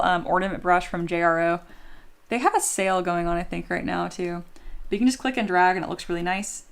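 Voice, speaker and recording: Chatty woman teaching 3D sculpting. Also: fairly low pitch. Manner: chatty, self-deprecating, laughs often, reads chat aloud. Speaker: 3D sculpting instructor streaming live. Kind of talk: casual live-stream tutorial.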